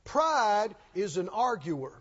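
A man preaching a sermon, telling a story and then pressing his point with slow, emphatic, rising intensity. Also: high voice, big pitch swings. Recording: dull lo-fi sound in a long-reverb hall.

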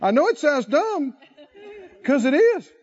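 A man's voice: very high voice, very animated, a little slow, darkish tone, dull audio. A male preacher delivering a rousing sermon, calling out to the congregation and laughing often.

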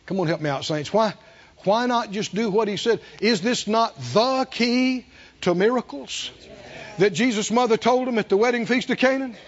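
A male pastor preaching a sermon in an animated way, drawing answers from the congregation. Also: high-pitched, moderate pace, muffled recording. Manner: animated preaching with call-and-response.

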